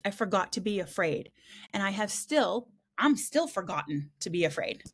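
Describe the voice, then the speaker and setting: A woman hosts a casual podcast roundtable in an eager, quick, chatty way. She tells stories by acting out both sides of the talk and drops casual swear words as she goes. Her voice sits at an everyday middle pitch. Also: breathy edge. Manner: fast, excitable, swears casually; animated storytelling with quoted voices. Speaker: podcast host.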